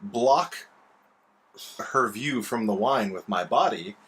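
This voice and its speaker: A man at a tabletop game with a fairly low voice, giving dry, deadpan declarations in character. He sounds steady and unhurried. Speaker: player. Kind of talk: casual game chat.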